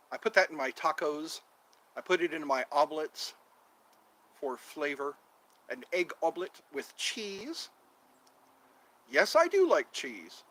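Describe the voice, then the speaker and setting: A man's voice: fairly high pitch, bright, forceful tone, rough recording. A man hosting a casual outdoor stream, chatting in a meandering, jokey way and drawing out some words. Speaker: channel host. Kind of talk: rambling casual livestream chat.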